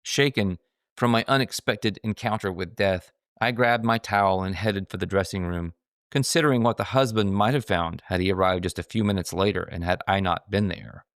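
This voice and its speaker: A middle-aged man with a slightly low voice reads his own memoir aloud, wry and self-mocking. The recording is dry and close, with no echo around the voice. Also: moderate pace, fairly bright tone. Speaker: author narrating his own book. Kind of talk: scripted memoir narration.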